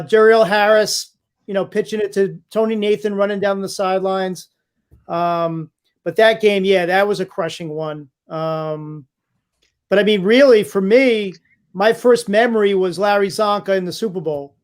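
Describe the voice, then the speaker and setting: A man co-hosting a sports podcast, reminiscing about old games in a measured way. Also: sits high, clear, resonant tone. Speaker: podcast co-host. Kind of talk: casual sports chat.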